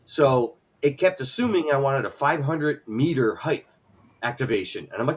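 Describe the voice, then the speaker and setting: A man guest on a live stream, telling a story in animated fashion and acting out quotes. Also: medium pitch, normal speed. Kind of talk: casual chat.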